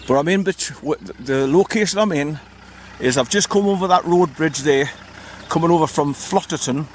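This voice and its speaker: A man's voice: on the high side, moderate pace, slight background noise. A man vlogging by his parked car in the countryside, chatty and rambling, spelling out place names as he goes. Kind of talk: casual walking vlog narration.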